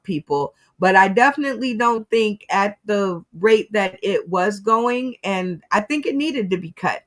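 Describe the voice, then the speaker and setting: A woman's voice: mid-range voice, a bit bright. A woman hosting a casual commentary show, giving her opinions on the news and speaking straight to her audience. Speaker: host.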